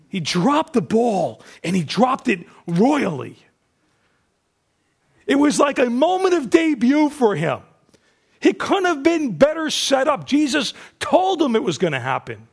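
A man preaching a sermon, animated, acting out the disciples' voices and dropping to a hushed, slow voice for emphasis. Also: high voice, creaky. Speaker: pastor.

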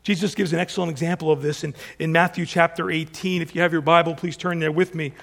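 A man's voice: on the high side, steady tone, fast, gravelly, a bit bright. A man preaching a sermon, retelling scripture with plain asides and light humor, rising and dropping in volume as he drives points home. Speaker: pastor.

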